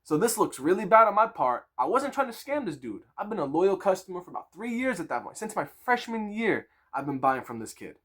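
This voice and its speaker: Animated young man telling a story. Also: high voice, brisk, few pauses. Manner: animated, laughing, crude slang. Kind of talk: casual storytime.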